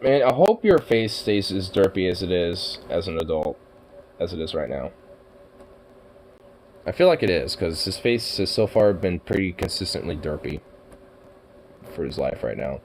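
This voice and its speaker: A man's voice: low voice, lively intonation, normal speed, pauses often, darkish tone, slight background noise. A young man in casual chat, rambling and swearing with lots of fillers, at times cooing to his puppy. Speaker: vlogger.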